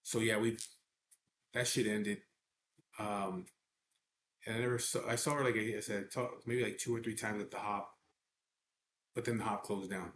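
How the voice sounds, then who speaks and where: Steady in tone and fairly bright, his lowish voice moves at a moderate pace with frequent pauses. The middle-aged man tells his personal story bluntly and casually, swearing and using double negatives, in an echoey room with faint background noise.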